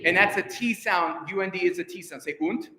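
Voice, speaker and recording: A man's voice: high voice, a little fast, pushed and bright, slight background noise. A man directing a choir rehearsal, coaching German diction, counting in, and encouraging the singers. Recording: echoey hall, piano in background.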